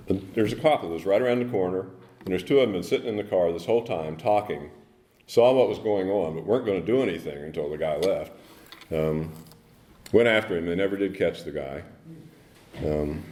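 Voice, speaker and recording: Deep-voiced man telling his story. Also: a little mellow. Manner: halting, many ums and restarts. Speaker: AA speaker. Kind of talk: personal recovery story. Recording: echoey meeting room.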